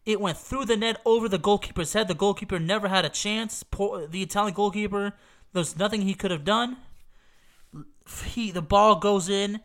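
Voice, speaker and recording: A man's voice: sits high, normal speed, fairly bright tone. A man retelling a football final he watched with his dad, emphatic and repetitive, swearing now and then, his voice stuffy from allergies. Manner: emphatic, repeats himself, swears, asks "okay?". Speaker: football fan recounting a match. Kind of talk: excited casual storytelling.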